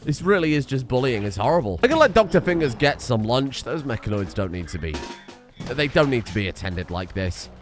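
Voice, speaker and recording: A man giving excitable, sweary let's play commentary, laughing often. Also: medium pitch, fairly quick, soft background music. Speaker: gaming streamer.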